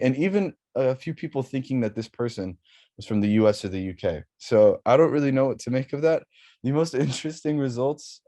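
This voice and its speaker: A man's voice: lowish voice, a little mellow. A young man, an undergraduate student, giving a research presentation, hesitant with many fillers, restarts and apologies. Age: young adult.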